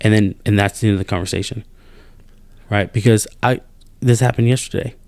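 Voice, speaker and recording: A man hosting a podcast, venting in an animated, exasperated way with many restarts. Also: on the low side, brisk, no room sound. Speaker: podcast host. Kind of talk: casual chat.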